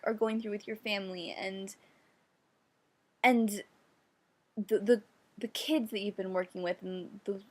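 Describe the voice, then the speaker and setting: A woman's voice: a little high, vocal fry. A young woman in her late teens speaking a gushing, heartfelt birthday message to a friend, full of filler words. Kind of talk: casual heartfelt monologue.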